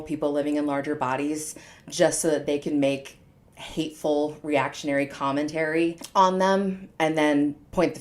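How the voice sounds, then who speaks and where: A woman hosting a commentary video, speaking in a measured, pointed way. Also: sits low. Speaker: host. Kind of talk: casual commentary.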